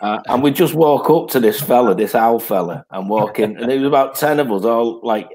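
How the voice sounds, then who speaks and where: A man's voice: medium pitch, expressive, a little fast, a little mellow. A man, a guest who tells rambling anecdotes in casual chat and laughs as he tells them. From North West England.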